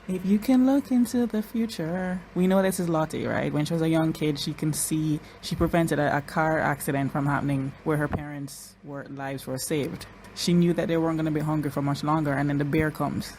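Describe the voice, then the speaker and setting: A woman with a somewhat low voice gives reaction commentary on an episode, loud and excitable. She jumps between sudden exclamations and fast, rambling analysis. A faint hum of background noise sits under her voice. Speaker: reaction vlogger.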